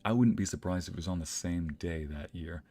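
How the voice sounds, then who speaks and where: A young adult man streaming, who tells anecdotes in a casual, animated way and laughs often. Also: deep voice, a little fast. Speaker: streamer and narrator. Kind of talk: casual storytelling chat.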